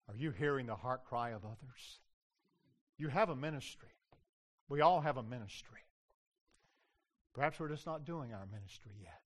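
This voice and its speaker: An older man, a pastor preaching a sermon in a loud, emphatic way and putting questions to the congregation. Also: mid-range voice.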